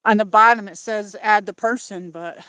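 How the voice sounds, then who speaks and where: A woman walking outdoors at dusk and chatting to her livestream viewers, slightly out of breath. She rambles and apologizes as she goes, with a mid-pitched voice. The sound is dry and close, picked up by a phone on a gimbal. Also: steady tone, moderate pace, a bit bright, clean tone, no echo. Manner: rambling, apologetic, talks to chat. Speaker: livestream host. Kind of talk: casual livestream chat while walking.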